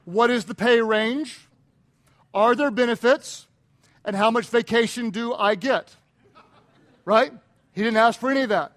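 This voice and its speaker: A man with a notably high voice delivers a sermon. He preaches with emphasis and lifts his voice on the lines he quotes. When he tells his own stories he turns quiet and confessional. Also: measured pace, long pauses. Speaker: pastor.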